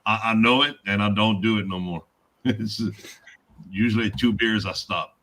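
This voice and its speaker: A man's voice: on the low side, moderate pace, fairly bright tone. A man chatting casually on a video call, telling drinking stories with easy chuckles. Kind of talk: casual chat.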